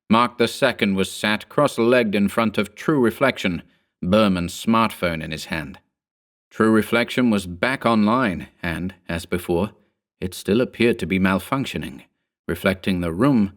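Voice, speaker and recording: A man giving a scripted horror narration in a measured, steady storytelling manner. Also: sits low.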